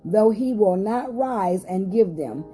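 A woman's voice: mid-range voice, animated, slow pace, loud music behind the voice. A woman pastor hosting a short podcast Bible study, reading scripture aloud with rising emphasis and some hesitant fillers.

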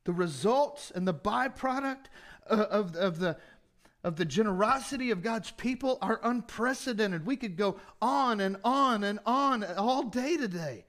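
A man preaching a sermon in an unusually high voice for a man. He talks to the congregation in a casual, conversational way, tossing out rhetorical questions and self-mocking jokes. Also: animated, measured pace, a bit bright. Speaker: pastor.

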